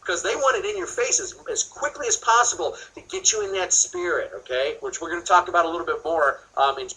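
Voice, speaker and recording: A man's voice: sits high, fast, bright, forceful tone, low-quality recording. A man teaching a sales seminar, asking questions and answering them himself. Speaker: sales trainer. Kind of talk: seminar training talk.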